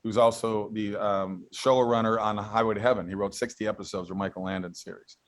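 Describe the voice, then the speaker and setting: A man's voice: on the low side, steady tone, fairly quick. A middle-aged man, a guest actor, telling stories with enthusiasm in a casual interview. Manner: enthusiastic storytelling.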